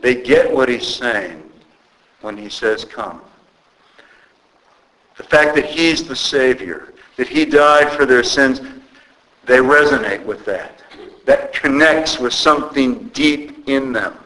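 A man's voice: medium pitch, sharp tone, poor audio. Male pastor, earnest and conversational sermon, mid-range voice, stumbles and restarts. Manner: earnest, halting with repeated restarts.

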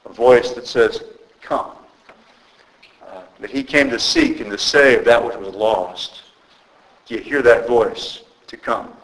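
A man's voice: mid-range voice, fairly even intonation, a bit bright, poor audio. A male pastor preaching a sermon in an earnest, conversational way, often restarting his phrases. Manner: earnest, halting with repeated restarts.

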